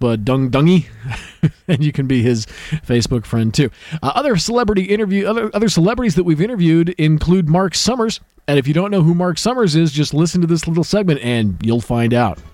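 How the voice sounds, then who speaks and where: A man's voice: a little high, animated, fairly quick, darkish tone, dry recording. Rambling man hosting over music. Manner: rambling, self-deprecating storyteller. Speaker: podcast host. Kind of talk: casual retrospective narration.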